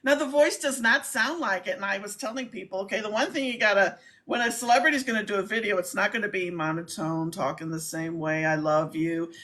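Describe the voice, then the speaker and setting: Woman, live-stream co-host, casual chat, bright tone, emphatic, mid-pitched. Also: fast talker, few pauses. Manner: chatty, emphatic.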